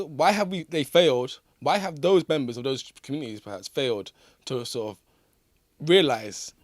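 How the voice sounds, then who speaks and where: A man's voice: mid-range voice, moderate pace, dry recording, clean studio sound. Easygoing male interviewer. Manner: easygoing, agreeable, hesitant restarts. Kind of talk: casual interview chat.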